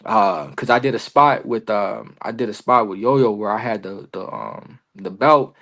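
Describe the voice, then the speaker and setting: Male wrestler guest, mid-pitched, casual storyteller, slang-heavy, animated. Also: normal speed, vocal fry. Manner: slangy, loose, peppered with "bro" and "you feel me"; animated, acts out both sides of conversations.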